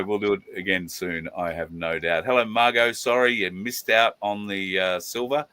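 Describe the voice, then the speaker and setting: Deep-voiced chatty man hosting a stream. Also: sharp tone, clean tone, no echo. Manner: chatty, greets viewers by name, drawn-out fillers. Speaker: livestream host. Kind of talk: casual live-stream chat.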